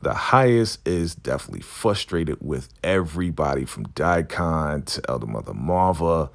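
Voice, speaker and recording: A man casually recapping a TV episode in an animated way, acting out the characters' lines. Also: very deep voice, normal speed, gravelly. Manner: animated retelling, acts out quotes, laughs often. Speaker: TV recap vlogger.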